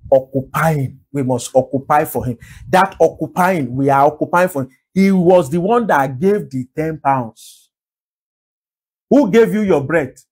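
Heard on poor audio, a Nigerian-accented man preaches as a pastor, repeating phrases and hurling emphatic rhetorical questions. His voice is fairly high in pitch, with a darkish, husky tone.

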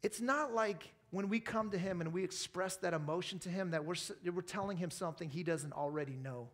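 A pastor with an American accent preaching a weekend church sermon in an earnest, conversational way, mixing scripture with family stories and playful asides. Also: male voice, high voice, brisk, fairly bright tone. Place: church service.

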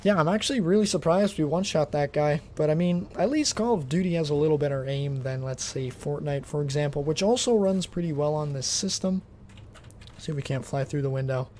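Casual male gameplay host, a touch higher voice, relaxed and rambling, faint hiss behind. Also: fairly quick. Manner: relaxed, rambling, thinks aloud while playing. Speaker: tech benchmark video host.

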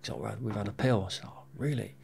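A middle-aged man recounts his own past as a podcast guest in a frank, unpolished way. His voice has a gravelly edge, and he swears freely and often doubles back on his words mid-sentence. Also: lowish voice, expressive, very fast, darkish tone. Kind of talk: candid storytelling interview.

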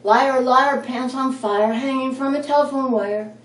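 A woman voicing a loud, bossy young chinchilla who taunts in a singsong. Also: high-pitched, steady tone, a little slow, voice pushed up. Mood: taunting. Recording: echoey room, voice from a distance.

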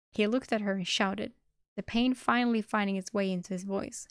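A woman's voice: medium pitch, steady tone, moderate pace, clear, resonant tone, no room sound, clean studio sound. Woman streamer narrating a novel. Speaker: streamer reading a novel aloud. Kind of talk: audiobook reading.

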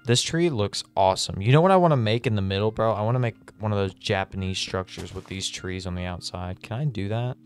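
A man giving excitable, chatty gameplay commentary and talking straight to his viewers. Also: on the low side, fairly quick, few pauses, clean tone, faint music behind. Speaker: gaming video host.

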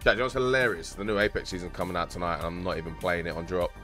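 Deep-ish man chatting with stream. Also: racing, bright, forceful tone, soft background music. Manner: chatty, joking with chat, uses slang. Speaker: game streamer. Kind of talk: casual live-stream chat.

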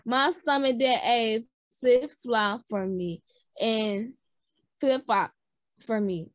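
Woman reading children's book aloud, slow, halting, restarts words, dry sound. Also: fairly high pitch, no echo. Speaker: reader.

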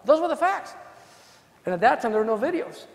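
High-voiced man telling courtroom stories. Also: brisk, gravelly. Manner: animated, casual, full of asides. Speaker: defense lawyer presenting at a legal conference. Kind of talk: storytelling conference talk. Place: hotel ballroom. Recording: long echo of a large hall.

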